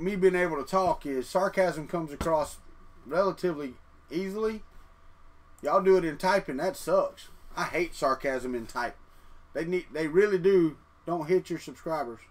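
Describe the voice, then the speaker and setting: A man, hosting a casual livestream from his trailer home and chatting folksily with viewers. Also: on the high side. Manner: folksy, talks straight to chat. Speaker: 3D printing livestream host.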